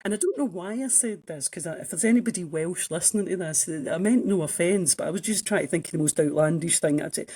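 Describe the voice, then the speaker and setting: A Scottish woman in her sixties with a husky, slightly breathy voice, recorded dry and close. She spins frank, self-mocking anecdotes about her own path, chatty and unguarded. It sounds like an easy conversation on a podcast. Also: on the low side, fast talker, few pauses, dark tone, dry recording, rough recording. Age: 60s. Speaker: guest, economics professor. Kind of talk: casual interview storytelling.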